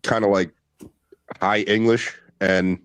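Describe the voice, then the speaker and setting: Low-voiced sarcastic man in casual chat. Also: flat delivery, slow pace, fairly bright tone, clear, resonant tone, no echo. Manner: sarcastic, opinionated, rambling.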